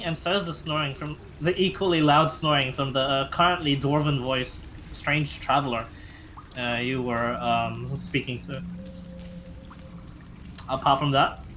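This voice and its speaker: A young man running a tabletop game as game master, narrating haltingly with many fillers and restarts. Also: a little high, bright, forceful tone, slight background noise.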